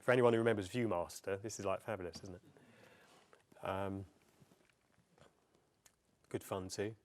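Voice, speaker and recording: A middle-aged man presents to a festival audience in a relaxed, anecdotal way, pausing often with ums and uhs. His voice sits a little low. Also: slight background noise. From England. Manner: chatty, anecdotal, with frequent ums. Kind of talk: public talk. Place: festival venue before an audience.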